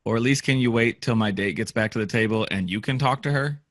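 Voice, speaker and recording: A man's voice: medium pitch, fast. A man co-hosting a casual chat, chiming in with short replies, laughing along and joking back.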